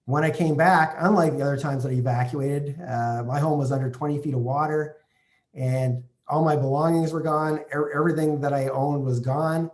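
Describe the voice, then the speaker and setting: A real estate investor from Canada, telling a personal story to camera in a halting way, full of fillers and restarts. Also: male voice, a little high, a little mellow.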